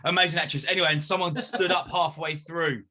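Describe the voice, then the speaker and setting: Bright-voiced man telling stories. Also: a little high, steady tone, a little fast. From North West London. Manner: chatty storyteller, laughs easily. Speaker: guest. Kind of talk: casual chat.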